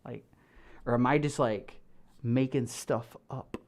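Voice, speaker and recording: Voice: mid-range voice, steady tone, slow pace, darkish tone. A live streamer in a fox fursuit chatting casually and reading comments from the chat, rambling and giggly, with lots of fillers. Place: home streaming room.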